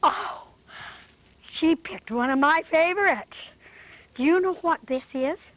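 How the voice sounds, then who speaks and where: Slow, high-voiced woman teaching small children. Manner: gentle, patient, sing-song teacherly talk. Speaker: children's show host. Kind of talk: teaching a studio group of young children.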